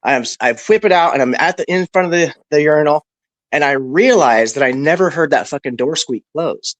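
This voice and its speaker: A man on a discussion panel telling a story casually, animated and profane, with lots of "bro" and "right". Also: on the high side, brisk, dry recording, poor audio.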